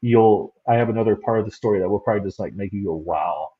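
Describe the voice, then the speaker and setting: A man's voice: on the low side, quick pace, dull audio. A man, a paranormal investigator, chatting casually as a guest and recounting an experience, stumbling and repeating words as he goes. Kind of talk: casual storytelling chat.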